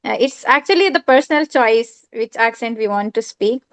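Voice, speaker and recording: Hesitant Indian woman, clear high voice. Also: animated, normal speed. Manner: hesitant, many "uh" fillers, polite "yes, ma'am". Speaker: English learner. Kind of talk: casual conversation.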